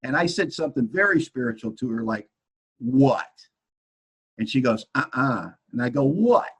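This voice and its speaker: A man speaking at a recovery meeting, telling his story with animated storytelling and acting out both sides of an argument. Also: mid-range voice, fast talker, slightly rough, poor audio. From Washington state, US.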